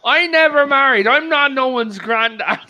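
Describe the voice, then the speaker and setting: A man's voice: very high voice, expressive, normal speed, pushed and bright, no room sound, muffled recording, pitched above the performer's own voice, exaggerated voice. A man voicing a cranky old grandfather with a thick Irish accent. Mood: grumpy.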